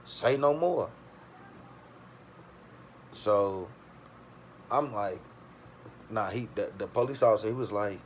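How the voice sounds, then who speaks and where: A man's voice: on the low side, unhurried, long pauses, a little hiss or hum. A man casually telling a streetwise, profane story, acting out the voices of the people in it. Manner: streetwise, profane, animated retelling with quoted voices.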